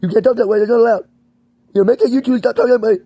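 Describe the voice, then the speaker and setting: Shrill, loud, nagging hospital staffer as a man mocks him, repeating the same rebuke. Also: steady tone, racing, breathy edge, no echo, heavily acted. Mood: scolding. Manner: repetitive nagging, loud and high-pitched. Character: stern scolding hospital staffer, mocking.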